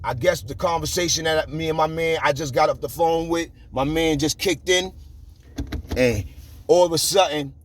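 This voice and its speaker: A man's voice: fairly high pitch, moderate pace, slight background noise. A man telling a street story in a loose, slangy way, often checking in with listeners and repeating himself as he moves along a city route. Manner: slangy, keeps checking in with "you heard?", frequent repeats.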